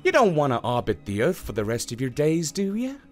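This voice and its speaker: A man's voice: a little high, wildly swooping pitch, a little fast, soft background music. A man voicing a folksy, scheming woman president in a children's storybook reading, with a drawling, wheedling manner. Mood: persuasive.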